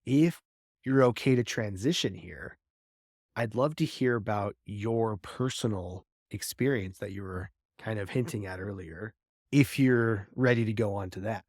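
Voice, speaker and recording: A man with a lowish voice hosts a casual podcast interview, gently checking that his guest is ready to continue. The sound is close and dry, with no room around it. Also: a little slow, dry recording. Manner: gentle, asks for consent before moving on. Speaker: podcast host.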